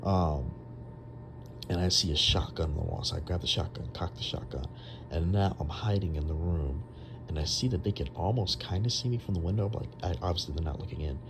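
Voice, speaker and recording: A man's voice: sits low, brisk, creaky, noisy background. A young man casually retelling a long dream, rambling with lots of fillers and restarts. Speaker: storyteller.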